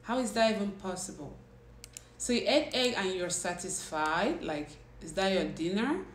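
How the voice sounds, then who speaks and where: A woman's voice: mid-range voice, animated, moderate pace. A young woman hosting a casual livestream, chatting and teasing as she reads viewers' comments. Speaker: livestream host. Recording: roomy echo with faint background noise.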